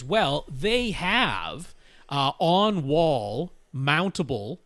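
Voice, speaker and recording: Podcast guy explaining stuff, slightly higher voice, dry close sound. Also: animated, normal speed, fairly bright tone, dry recording. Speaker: podcast co-host. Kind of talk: casual chat.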